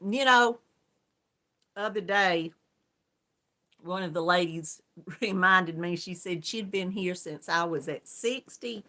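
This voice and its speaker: Slow-talking woman, bright and lively. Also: on the low side. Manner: chatty and homey, calls viewers hon. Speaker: crochet livestream host. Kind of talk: casual livestream chat greeting viewers.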